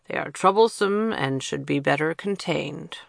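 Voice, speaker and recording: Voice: mid-range voice, lively intonation, a little slow, gravelly, no echo, studio quality. A storybook narrator voicing a stern male chief guardian who speaks firmly and with authority. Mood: commanding. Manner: firm, authoritative.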